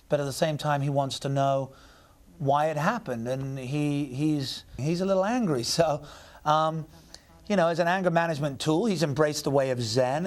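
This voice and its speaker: An English man talking about his acting work in an interview, thoughtful and often searching for his words. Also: a little high. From England. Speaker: actor guest. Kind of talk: reflective interview answers.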